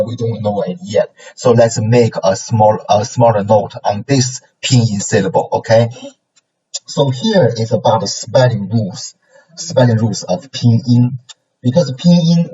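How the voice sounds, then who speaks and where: A male teacher lectures in English at an ordinary pitch, his voice a little husky. He stumbles and repeats phrases, often checking in with "okay?" and "right?". The recording is muffled and lo-fi, with the mic some distance away. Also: dark tone. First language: Chinese. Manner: halting, many fillers and repeated phrases. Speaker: Chinese language teacher. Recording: distant mic, dull lo-fi sound.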